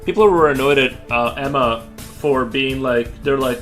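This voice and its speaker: A man's voice: mid-range voice, unhurried, fairly bright tone, faint music behind. A man chatting casually while drawing on a stream, rambling with lots of fillers and restarts.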